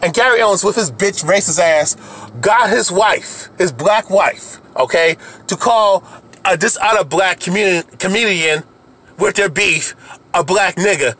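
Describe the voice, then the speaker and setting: A man's voice: high-pitched, a little slow, fairly bright tone. A man delivering an angry, profane rant to camera as a video commentator, heated and repetitive, often restarting his sentences.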